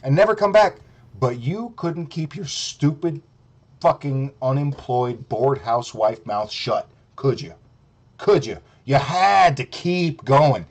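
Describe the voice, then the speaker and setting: A man's voice: mid-range voice, lively intonation, slow. Profane, heated male streamer ranting. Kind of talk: ranting commentary.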